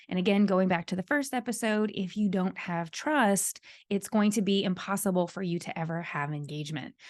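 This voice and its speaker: A woman hosts a solo podcast and coaches leaders in an earnest, emphatic way, repeating her main points. Her voice sits at an ordinary middle pitch. The sound is close and dry, with no room echo.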